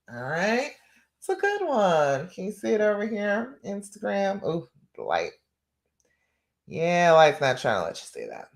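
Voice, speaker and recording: A woman's voice: mid-range voice, huge pitch swings, measured pace, gravelly. A woman hosting a live coaching stream, talking in an encouraging, emphatic way and often checking in with "all right" and "okay". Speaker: relationship coach and live show host.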